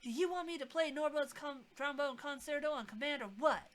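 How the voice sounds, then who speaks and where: A woman's voice: high voice, a little fast, voice pushed up, natural voice. A woman reading the lines of a weary female ex-trombonist turned office worker in a video game. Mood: tired.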